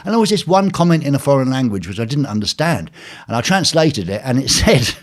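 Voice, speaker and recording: Lively rambling man hosting a live stream. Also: mid-range voice, brisk. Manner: rambling, jokey, lots of fillers. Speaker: live show host. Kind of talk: casual live stream chat, greeting viewers. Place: home penthouse flat.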